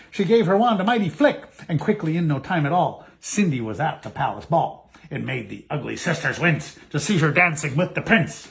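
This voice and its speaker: A man reading a poem story aloud in a playful, animated way, breaking off for excited asides. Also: fairly high pitch, normal speed, gravelly, few pauses, reverberant.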